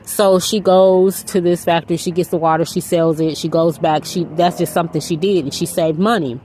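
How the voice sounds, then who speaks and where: Low-voiced woman retelling a story. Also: fairly even intonation, fairly quick, warm tone, slight background noise. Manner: rambling and earnest, with frequent "you know". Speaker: faith vlogger. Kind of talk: casual storytelling, retelling a film.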